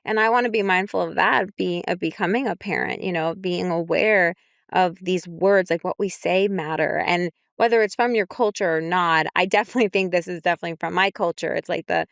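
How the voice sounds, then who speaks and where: A woman's voice: on the low side, brisk, vocal fry, fairly bright tone, no echo, clean studio sound. A young adult woman, a clinician, talking things through reflectively on a podcast, often checking in with "right?". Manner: reflective, many fillers like "right?" and "you know". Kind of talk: casual podcast discussion.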